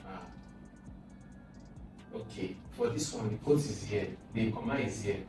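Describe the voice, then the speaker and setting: A man with a Nigerian English accent tutors informally for an exam, thinking aloud and repeating sounds over and over. His lowish voice is unhurried, with long pauses. The mic is far away in an echoey room, with music playing behind him.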